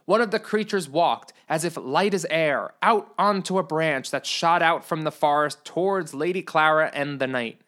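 A narrator reading a comedy storybook aloud with lively, expressive storytelling. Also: medium pitch, moderate pace, few pauses.

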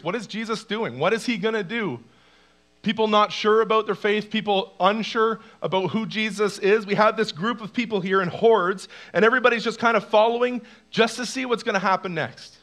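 A male pastor preaching a sermon, animated, acting out cries and shouts from the story. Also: high-pitched. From Canada.

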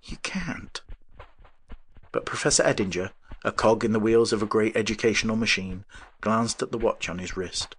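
A man reading an audiobook in steady, even-toned scripted narration. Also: lowish voice, brisk, breathy edge. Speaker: audiobook reader.

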